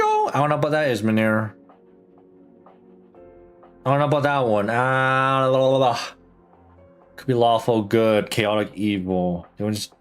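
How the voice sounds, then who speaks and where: A man streaming a game, thinking aloud in casual, slangy chat with plenty of swearing. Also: mid-range voice. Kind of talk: casual gameplay commentary.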